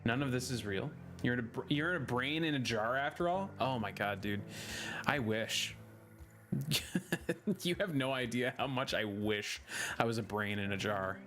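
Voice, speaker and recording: A man's voice: mid-range voice, normal speed, fairly bright tone. A young man giving casual gameplay commentary, joking and laughing at himself as he plays. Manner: joking, giggly, self-mocking. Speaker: gaming streamer. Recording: music playing under the voice.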